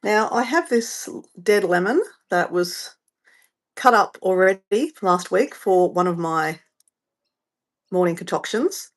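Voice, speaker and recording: Australian woman live-streaming from home, rambly chatty host, lots of pitch movement. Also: animated, takes it slowly. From Southeast Queensland, Australia. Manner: rambling, chatty, easily sidetracked. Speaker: livestream host. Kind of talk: casual live-stream chat.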